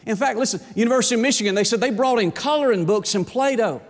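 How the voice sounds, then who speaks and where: A man's voice: extremely high pitch, quick pace. A man preaching a sermon as a pastor, with an emphatic delivery that rises and falls. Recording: long hall reverb.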